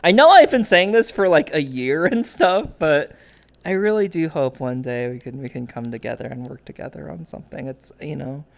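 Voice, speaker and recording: A woman's voice: sits low, expressive, normal speed, gravelly. A young woman hosting a streamed interview in casual chat, rambling with many restarts and reading chat messages aloud.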